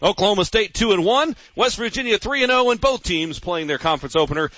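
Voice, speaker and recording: A man's voice: high-pitched, animated, fast talker, fairly bright tone, no room sound. Upbeat male radio sports host. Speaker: pregame show host. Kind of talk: radio sports pregame hosting. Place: sports grill at a casino. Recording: dull radio broadcast with faint noise.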